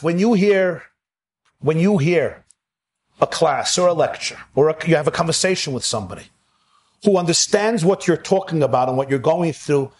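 A man giving a sermon with a storyteller's manner, earnest and slowing down to stress key phrases. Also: fairly high pitch. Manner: earnest, with slowed, stretched emphasis on key phrases.

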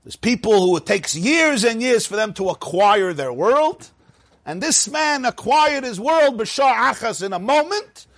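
A man's voice: extremely high pitch, lively intonation, measured pace, a bit bright, dry recording. A man teaching a Talmud and Chassidus class, telling the story with laughing asides and mixing Hebrew and Yiddish terms into his English. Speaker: Torah teacher.

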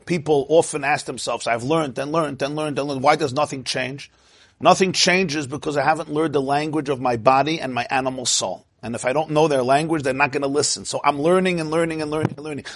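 A man giving an informal Torah lecture in a lively, joking way, acting out inner voices. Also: on the high side, brisk, dry recording, clean studio sound. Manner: animated, acts out inner voices, laughs at own jokes. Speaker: Torah class teacher.

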